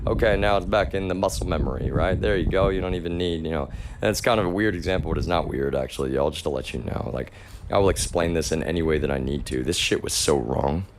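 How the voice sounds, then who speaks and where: A man's voice: sits low, fast talker, background noise. A man livestreaming an agitated, repetitive rant to his chat, swearing often and calling his listeners y'all. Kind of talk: ranting monologue to a live chat.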